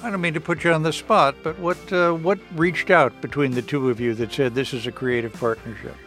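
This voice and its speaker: A man's voice: fairly high pitch, steady tone, a little fast, a bit bright, soft background music. A man hosting a radio interview, asking questions in a playful and engaging way. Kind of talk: broadcast interview.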